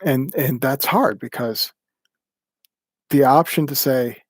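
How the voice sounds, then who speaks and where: A man teaching a livestreamed class, speaking in a plainspoken, halting way with many ums and restarts. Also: slightly rough, no echo. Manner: plainspoken, acts out quoted remarks with raised pitch. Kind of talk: livestreamed talk.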